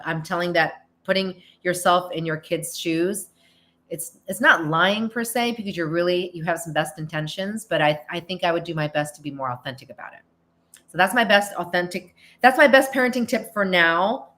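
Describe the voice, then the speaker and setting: Answering listener questions on her podcast, a middle-aged woman from the US chats casually, often restarting sentences and performing short quotes. Her voice is on the low side and a bit bright.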